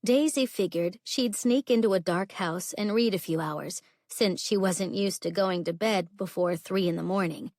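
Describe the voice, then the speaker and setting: A woman narrating a contemporary romance audiobook in a steady, even storytelling voice. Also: mid-range voice, moderate pace, hardly any pauses, no room sound, clean studio sound. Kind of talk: scripted narration.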